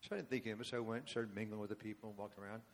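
A man's voice: lowish voice, fairly even intonation, rapid-fire. A man in his seventies, a worship leader speaking to a church congregation, telling a long story with casual asides. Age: 70s. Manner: rambling and conversational, asides to the congregation. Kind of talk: storytelling sermon.

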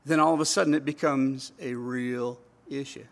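A man's voice: medium pitch, steady tone, moderate pace, vocal fry. A middle-aged man, preaching a sermon in a conversational way and slipping into quoted voices. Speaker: pastor.

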